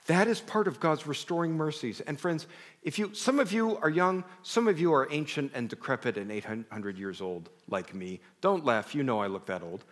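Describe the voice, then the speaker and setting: A man's voice: a little high, lively intonation, moderate pace. A middle-aged man preaching a conversational sermon to a congregation, telling personal stories with self-deprecating asides. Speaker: pastor. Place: large hall before a congregation. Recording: long hall reverb.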